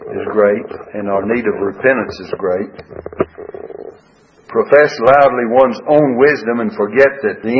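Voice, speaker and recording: A man preaching a sermon and working through Bible verses in a folksy, conversational way, often checking in with rhetorical questions. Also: on the low side. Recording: dull, lo-fi sound.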